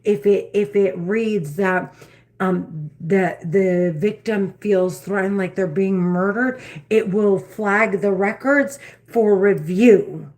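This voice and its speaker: A woman's voice: mid-range voice, a little mellow. A mother recording herself at home, speaking urgently and repetitively, with frequent swearing. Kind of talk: self-recorded vlog.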